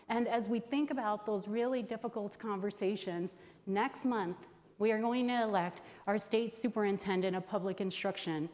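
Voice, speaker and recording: Woman telling a story to a hall. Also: a little high. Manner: storytelling, warm anecdotal delivery with pauses. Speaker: conference host introducing candidates. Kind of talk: speech to a conference audience. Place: large conference hall. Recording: long hall reverb.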